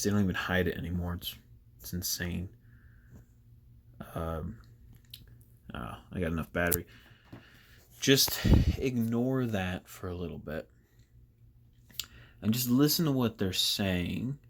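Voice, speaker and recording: A man hosting casual political commentary, sarcastic and rambling with frequent restarts. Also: low voice.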